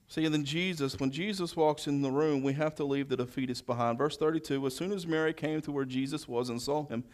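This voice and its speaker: Preaching man, dramatic swings loud to hushed. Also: a little high, fairly even intonation, fairly quick. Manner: dynamic, swings from loud proclamation to hushed quiet; reads scripture verse by verse, then expounds. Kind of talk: sermon.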